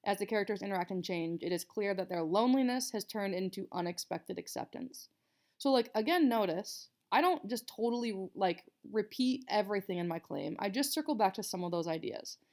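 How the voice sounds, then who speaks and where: In this relaxed, recorded writing lesson, a young female teacher walks students through an assignment, chatty and full of filler words. Her mid-range voice is animated and a bit mellow, moving at a moderate pace.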